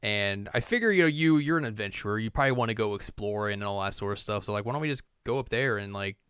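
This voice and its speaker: A man's voice: on the low side, fast talker, fairly bright tone, clean tone, no echo, clean studio sound, lightly acted. A man voicing a laid-back young male adventurer companion, casual and persuasive. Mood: coaxing.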